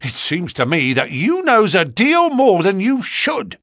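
Gruff common-spoken constable, a man reading him; husky, lively, dry studio. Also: high-pitched, measured pace, no room sound, voice pushed up, full character voice. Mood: aggrieved. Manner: dropped grammar, rough common speech. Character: gruff working-class London police constable, defensive. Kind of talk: audiobook character reading.

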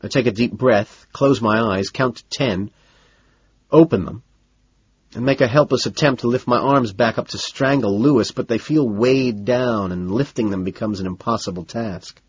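A man narrating a novel in the first person with a cool, measured, low-key delivery. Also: slightly rough, dry recording, highs cut off. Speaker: audiobook narrator.

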